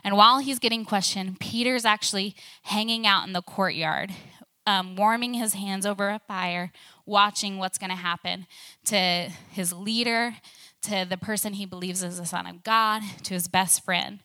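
Bright-voiced young woman preaching casually. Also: mid-range voice, fairly even intonation, moderate pace. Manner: conversational, many fillers like "like" and "um". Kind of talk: casual sermon storytelling.

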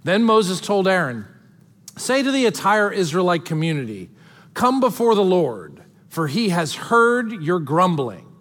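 Animated pastor preaching in a reverberant hall. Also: male voice, sits high, unhurried. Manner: animated, conversational, jumps between scripture reading and joking asides. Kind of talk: sermon.

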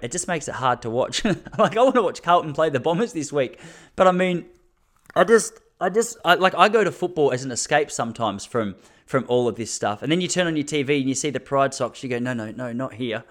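An Australian man in his thirties hosts a casual solo podcast, talking intensely and laughing between points. His voice sits at medium pitch and sounds animated, and he talks a little fast.

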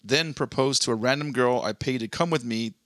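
Bright-voiced man reading Reddit aloud. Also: mid-range voice, brisk, no echo, studio quality. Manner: crude, joking, reads posts aloud. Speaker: podcast co-host. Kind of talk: casual chat reading Reddit posts.

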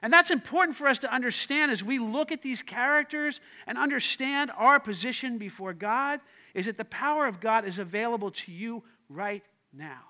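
A man preaching a sermon to his congregation with a high voice. His tone is bright and ringing. He presses his key lines by repeating them and calls on the listeners to speak back to him. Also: expressive, moderate pace. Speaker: pastor.

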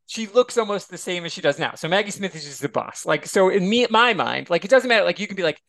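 A man's voice: sits high, animated, fast, vocal fry, hardly any pauses, a bit bright, no echo. A man guesting on a podcast, chatting casually and expressively and swearing freely. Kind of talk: casual chat.

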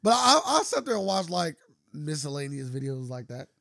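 Podcast co-host, male, relaxed and gravelly, dry close mic. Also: on the high side, moderate pace, no room sound. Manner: laid-back, laughs a lot, drawls slang. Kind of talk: casual podcast chat.

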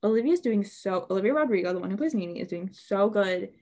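A woman's voice: mid-range voice, animated, quick pace, dark tone. Chatty young woman podcast co-host. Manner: chatty, upbeat, fills with "like" and "okay". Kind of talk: casual chat.

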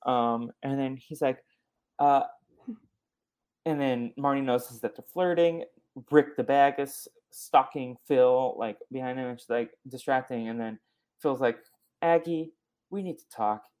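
A man hosts a podcast and recaps a movie scene by scene in a loose, chatty way. He tells it in a lively manner, acting out bits of what the characters say. His voice sits at a middling pitch for a man. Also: measured pace, clean tone. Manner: animated retelling, acting out characters' lines. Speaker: podcast host. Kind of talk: casual movie recap chat.

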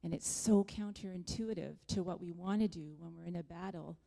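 A woman's voice: lowish voice, fairly quick, gravelly, warm tone. A woman sharing a reflective, encouraging testimony at a church gathering. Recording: long reverb of a large room.

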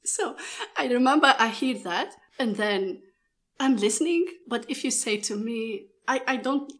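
A woman's voice: a little high, a little slow. A woman from Tunisia, a guest in an interview, telling her career story and acting out what people said to her. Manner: animated storyteller acting out quoted speech.

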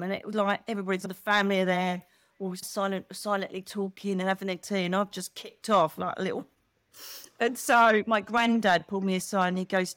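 Animated middle-aged woman, dry close mic. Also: medium pitch, fairly quick, dry recording. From England. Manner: animated, expressive storyteller who acts out quotes. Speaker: guest. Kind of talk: casual chat.

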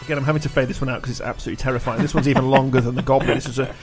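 A man hosting a casual radio-style chat, relaxed and talkative, with fillers as he links segments. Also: medium pitch, rapid-fire, over loud music. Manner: relaxed, chatty, hesitant fillers. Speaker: host.

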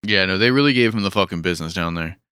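A man's voice: low-pitched, very fast, bright, forceful tone, clear, resonant tone, no echo, studio quality. A man co-hosting a podcast in casual chat, laid-back, with wry interjections. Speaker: podcast co-host.

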